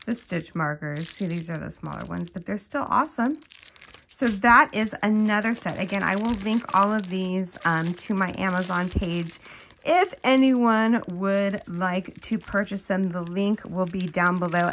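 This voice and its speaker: Unhurried, gushing woman crochet vlogger, casual unboxing talk that keeps breaking off mid-thought. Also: mid-range voice, slight background noise. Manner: gushing, excitable, gasps and trails off mid-sentence. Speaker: crochet channel host.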